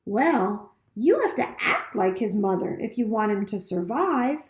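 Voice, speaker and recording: A woman's voice: medium pitch, lively intonation, unhurried, reverberant, close to an everyday voice. A woman voicing an old gray female goose who squawks and scolds. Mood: scolding.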